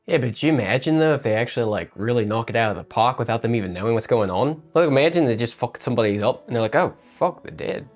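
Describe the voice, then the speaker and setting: A player at a tabletop game who talks in long, excitable, rambling runs and swears often. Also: medium pitch, very fast, few pauses, soft background music. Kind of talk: casual tabletop game chat.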